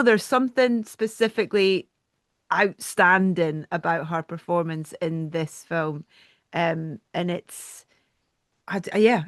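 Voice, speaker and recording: A woman's voice: fairly low pitch, no room sound, studio quality. A woman hosting a podcast interview over a video call, effusive and often trailing off mid-sentence. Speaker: podcast host. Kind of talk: casual interview chat.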